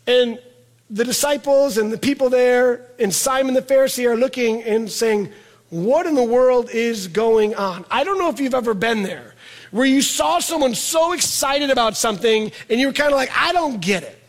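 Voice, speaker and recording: A middle-aged man preaching a sermon in a conversational way, repeating words for emphasis and slowing down on key words. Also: extremely high pitch. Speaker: pastor.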